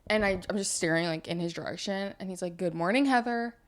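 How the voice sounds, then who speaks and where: A young woman co-hosts a podcast, chatting casually and telling stories in which she acts out quotes. Her voice is fairly low and steady, and she talks at a quick pace.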